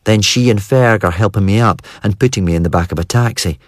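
Audiobook reader, man, very deep voice, dry close sound, wry and measured. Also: dry recording. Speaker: audiobook narrator. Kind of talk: first-person audiobook narration.

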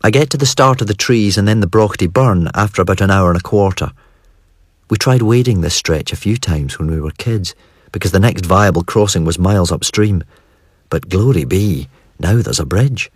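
Audiobook reader, man, very deep voice, dry close sound, wry and measured. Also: expressive, husky, no echo. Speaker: audiobook narrator. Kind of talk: first-person audiobook narration.

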